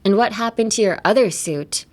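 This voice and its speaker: A woman's voice: a little high, expressive, rapid-fire, pitched above the performer's own voice. An exasperated teenage girl from an anime scolds someone bossily, as a woman reads her lines aloud for a lesson. The tone is reproachful and fussy, not fully acted. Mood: scolding.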